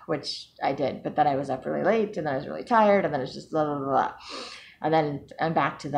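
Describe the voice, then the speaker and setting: A woman's voice: low voice, brisk, gravelly, darkish tone, a little hiss or hum. A woman talking casually to camera in a personal vlog, chatty and self-mocking, laughing often. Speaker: vlogger.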